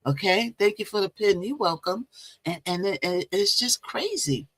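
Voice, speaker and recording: A woman's voice: medium pitch, expressive, normal speed, slightly rough, no room sound. Chatty woman hosting a live stream. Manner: chatty, repeats phrases, talks to viewers directly. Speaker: livestream host. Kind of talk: casual live-stream chat.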